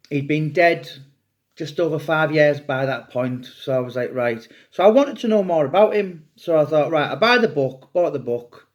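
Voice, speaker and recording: A middle-aged man and author talking casually and at length, rambling and chatty with some swearing. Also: fairly high pitch. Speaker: true crime author. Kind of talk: casual monologue to camera.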